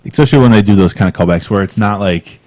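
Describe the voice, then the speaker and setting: Low-voiced man rambling in casual chat. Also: fast talker, a little mellow, no room sound. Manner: rambling, hesitant with fillers. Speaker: podcast co-host.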